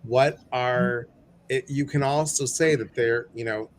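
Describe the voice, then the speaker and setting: A man's voice: medium pitch, steady tone, unhurried. A man hosting a casual live chat, playful and chatty, acting out little scenes as he talks. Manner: playful, sings snatches and acts out his own fear. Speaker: host.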